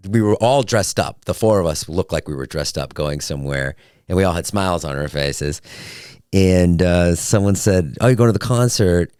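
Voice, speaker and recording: Guy hosting a solo podcast, lowish voice, jumps way up high when he gets excited, dry room. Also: moderate pace, smooth, no echo. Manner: animated, jokey, swings into high excited pitch. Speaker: podcast host. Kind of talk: casual solo podcast monologue.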